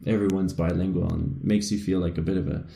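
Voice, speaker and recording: A man's voice: sits low, fairly even intonation, fast, creaky, mellow, echoey room. A man co-hosting a casual podcast, rambling and self-mocking, laughing often. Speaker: podcast co-host.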